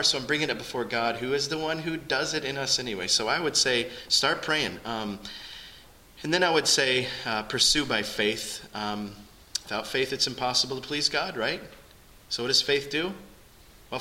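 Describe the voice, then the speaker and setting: A man's voice: mid-range voice, bright, forceful tone, rough recording. A man preaching a sermon to his congregation in an earnest, conversational way. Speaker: pastor.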